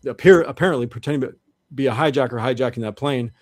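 A man talks in an even middle register, working through his points with earnest, repeated restarts. The sound is dry and close, with no room around it. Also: mid-range voice, fast talker, dry recording. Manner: earnest, restarts often, builds argument step by step. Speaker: guest. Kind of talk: conversational interview explanation.

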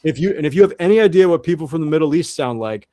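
A man's voice: fairly high pitch, expressive, very fast, warm tone, dry recording. A man as an interview guest, talking in an earnest monologue that often repeats and restarts. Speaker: guest researcher.

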